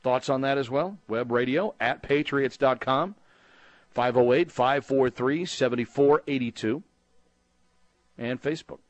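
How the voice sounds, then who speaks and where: A middle-aged man from Texas hosts a sports talk call-in show, riffing loosely and circling back over his own words. His voice sits at a moderate pitch and is recorded close and dry, with no room sound. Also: unhurried, no room sound. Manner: rambling, conversational, frequent restarts and fillers. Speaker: sports radio host.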